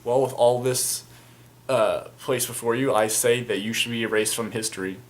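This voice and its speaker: A man voicing a stern woman who serves a goddess as prosecutor, speaking slowly and formally. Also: mid-range voice, steady tone, lightly acted. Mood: accusing. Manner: slow, formal pronouncements.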